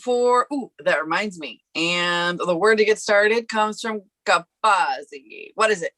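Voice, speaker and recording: A young adult woman hosting a casual podcast chat, telling stories in a lively way with many fillers. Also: mid-range voice, measured pace, no echo, low-quality recording. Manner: animated storytelling, many fillers. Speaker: podcast host.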